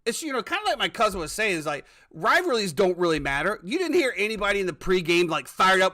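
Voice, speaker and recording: A man's voice: high-pitched, big pitch swings, fast, hardly any pauses, pushed and bright. A man hosting a casual sports talk podcast, ranting with plenty of profanity. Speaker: podcast host.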